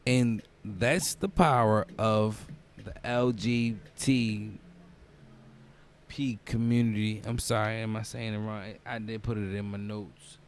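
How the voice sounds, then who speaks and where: A young man hosting a comedic podcast, ranting in a loose, profane way and bursting into loud mocking quotes. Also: lowish voice, slow pace, slight background noise. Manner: profane, animated storytelling with loud mock quotes. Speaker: podcast host. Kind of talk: casual comedic podcast rant.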